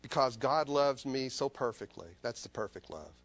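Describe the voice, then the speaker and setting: A man's voice: mid-range voice, animated, normal speed. A man preaching a sermon as a personal testimony, earnest and confessional, often repeating his phrases.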